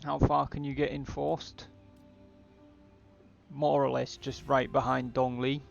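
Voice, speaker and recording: A man's voice: mid-range voice, level tone, takes it slowly, vocal fry, lo-fi sound, soft background music. A man on a live game stream, casually thinking aloud about his moves.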